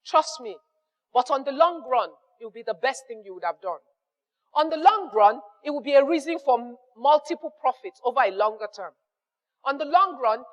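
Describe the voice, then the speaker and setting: A high-pitched woman with a Nigerian accent lectures on running an honest business. She hammers her points home, repeating phrases for weight and slipping into short acted-out exchanges with customers. Her voice carries a long reverb, as in a hall. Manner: emphatic, repeats key phrases, acts out little dialogues. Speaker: business mentor. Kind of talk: motivational business advice talk.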